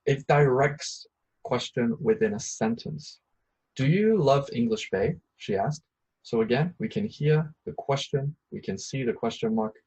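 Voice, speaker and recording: A man's voice: fairly low pitch, darkish tone, breathy edge, poor audio. A man teaching an English grammar lesson, patiently repeating each point with a few ums and uhs.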